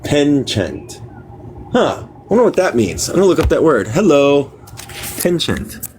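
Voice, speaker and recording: A man hosting a livestream, reading a book aloud in a casual, halting way, stopping to puzzle over words and talking offhand to viewers. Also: a little high, sing-song, a little mellow, slight background noise. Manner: talks to viewers offhand, apologetic. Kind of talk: casual live reading with chat asides.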